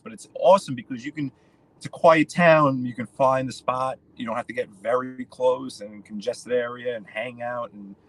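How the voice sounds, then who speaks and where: This live-stream host from New York rambles through a casual chat as he drives his car, calling out viewers by name. He has a mid-range voice, and the audio quality is rough.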